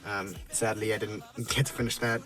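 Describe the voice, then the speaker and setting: A man casually reviewing drinks from his car, halting and full of fillers and restarts, chuckling often. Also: lowish voice, little pitch movement, a bit bright.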